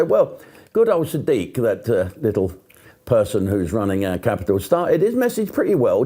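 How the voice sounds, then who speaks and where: Sweary mocking British comedian, dark voice. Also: male voice, medium pitch. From Britain. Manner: blunt, sweary, mocking and sarcastic. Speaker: comedian ranting to camera. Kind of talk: angry casual monologue.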